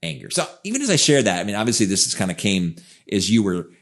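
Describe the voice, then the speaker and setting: A man with a lowish voice talks earnestly on a podcast. He reflects out loud and drives his points home with repeated phrases, in a relaxed conversational flow. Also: quick pace, gravelly. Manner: earnest and reflective, emphatic repetitions. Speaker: podcast co-host. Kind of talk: casual conversational podcast talk.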